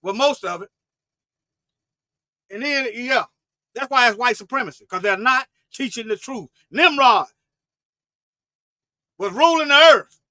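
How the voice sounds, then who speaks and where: High, bright-voiced fervent male preacher. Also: animated, measured pace, pauses often, dry recording. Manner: fervent and preachy, with sudden loud bursts and low muttered asides; repeats words and restarts often. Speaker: self-styled Bible teacher on a livestream. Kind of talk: livestreamed preaching to viewers.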